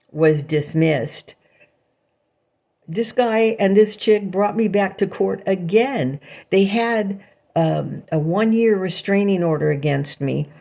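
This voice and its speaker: A woman's voice: sits low, vocal fry, dark tone. A woman vlogging alone in a rambling personal monologue, bitter and sarcastic, breaking into short laughs between remarks.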